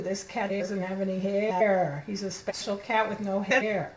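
A woman teaching young children to read, sounding out letters slowly and cheering them on through a read-aloud lesson. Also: mid-range voice, a bit bright, reverberant, slight background noise, rough recording. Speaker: reading teacher.

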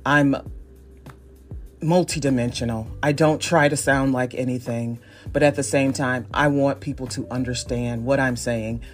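With faint music behind her, a woman speaks in a bass voice with fairly even intonation and an unhurried pace. The forties-aged host from Northeast Ohio runs a casual solo podcast, self-deprecating and often laughing.

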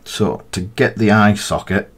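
A man's voice: lowish voice, measured pace, breathy edge. A man chatting casually on a live stream while painting miniatures, thinking aloud in a rambling, half-mumbled way.

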